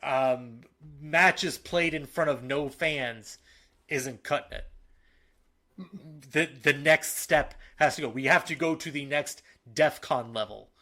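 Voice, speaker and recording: A male podcast co-host chats casually about sports. His voice sits a little high for a man. He is animated and opinionated and often breaks off and restarts his sentences. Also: takes it slowly.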